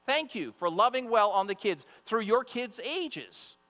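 A male preacher gives a sermon aimed straight at the women listening, speaking in a high, bright, pushed voice that is animated and a little slow. He is emphatic and repeats himself for weight. A hall's long reverb and a faint mains hum sit behind him.

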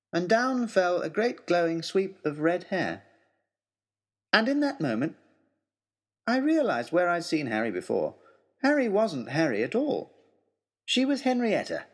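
A man narrating a children's adventure story in a dramatic, expressive storytelling manner. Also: on the high side.

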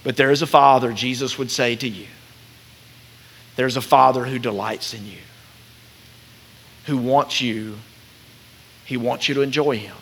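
A man preaching a sermon as pastor, animated as he acts out quoted voices and dropping soft and slow at tender points. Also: medium pitch, slightly rough.

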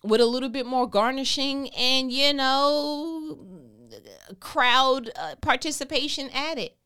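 A woman hosting a casual faith talk, animated, laughing often and acting out biblical scenes in everyday slang. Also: high voice, takes it slowly, smooth. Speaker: podcast host.

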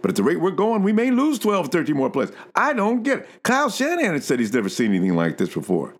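A man hosting a casual sports talk show, talking excitedly and swinging between low and high pitch. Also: quick pace.

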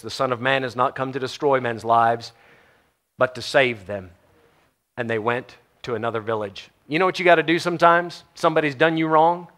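A man delivers a sermon with animated storytelling. He acts out the quotes and laughs often. His voice sits a little high for a man. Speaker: preacher.

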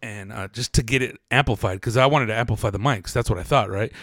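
Gravelly laid-back podcast host, a man. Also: fairly low pitch, fast, fairly bright tone, no echo. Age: 40s. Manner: rambling, profane, laid-back storytelling. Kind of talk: casual podcast chat.

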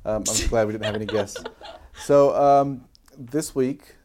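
A man's voice: mid-range voice, normal speed, mellow, slight background noise. A man co-hosting a casual chat podcast, easygoing and chuckling between remarks. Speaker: podcast co-host, news anchor.

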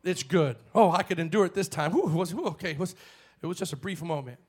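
A male pastor preaching a bold sermon in church, swinging from shouted lines to hushed ones. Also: high-pitched, fast, breathy edge.

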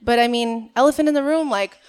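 This self-mocking stand-up from Minnesota, visibly nervous, banters with the crowd at a live show. Her voice is smooth and fairly high, and she talks fairly quickly.

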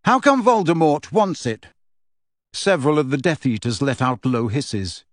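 A man reading a novel passage aloud on a podcast, lively and changing his voice for the characters. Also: a little high, moderate pace, no room sound, studio quality.

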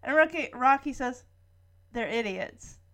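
A woman host retells a sitcom episode in a casual, giggly way. Her voice sits high, and she slips into the characters' lines as she talks. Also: expressive, measured pace, fairly bright tone. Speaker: podcast host.

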